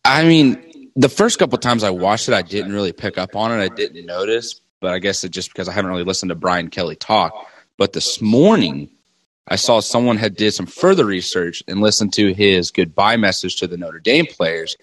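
A man's voice: fairly low pitch, expressive, moderate pace, a bit bright. A man co-hosting a sports podcast, chatting in an easygoing way. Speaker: podcast co-host. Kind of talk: casual sports chat.

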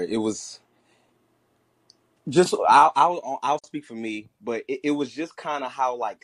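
Animated sarcastic male caller. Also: medium pitch, no echo. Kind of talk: call-in discussion.

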